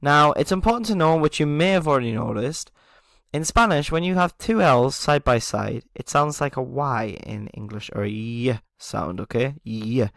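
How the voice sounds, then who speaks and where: A man's voice: medium pitch, expressive, normal speed, creaky, fairly bright tone, no echo, clean studio sound. A man teaching a beginner language lesson, explaining patiently, often checking in with "okay?" and chuckling at himself.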